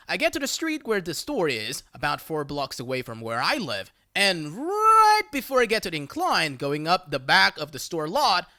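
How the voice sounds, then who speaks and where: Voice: mid-range voice, bright, forceful tone, no echo, clean studio sound. A text-to-speech voice reading online stories aloud, spelling out abbreviations letter by letter. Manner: synthetic, reads abbreviations letter by letter. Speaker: narrator.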